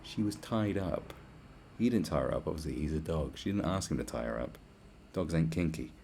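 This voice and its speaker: A man with a very deep, gravelly voice rants alone on his podcast, crude and blunt. His talk rambles and turns sarcastic. A faint hiss of noise sits under the voice. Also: lively intonation, a little fast, warm tone. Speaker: podcast host. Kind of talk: profane solo rant.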